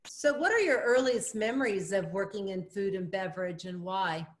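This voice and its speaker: A woman's voice: mid-range voice, normal speed. A woman hosting an interview, offering short affirmations and asking open questions. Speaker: interview host. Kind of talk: casual interview.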